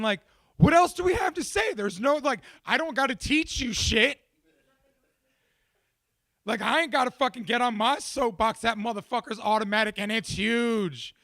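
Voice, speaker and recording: High gravelly man, profane and animated. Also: no room sound, studio quality. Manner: profane, animated, self-mocking. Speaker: podcast host. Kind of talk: casual monologue.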